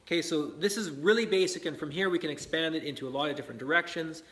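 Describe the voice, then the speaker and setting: A man delivers a sermon in a loose, conversational way, leaning on fillers and quick check-ins with the listeners. His voice sits a little higher than most men's, and he slips in light laughs between points. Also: a bit bright. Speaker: pastor.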